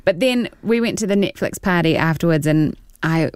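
A woman's voice: lowish voice, moderate pace, clear, resonant tone, dry recording, clean studio sound. A woman in her forties with a New Zealand accent, a guest telling stories in a casual interview and acting out what people said, with frequent laughter. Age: 40s. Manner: animated storyteller, acts out quotes, laughs often. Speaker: actor guest.

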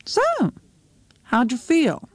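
A woman's voice: fairly high pitch, takes it slowly, slightly rough, no room sound, pitched above the performer's own voice. A woman voicing a curious, prying guest at a wedding, asking probing questions. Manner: inquisitive, lightly probing.

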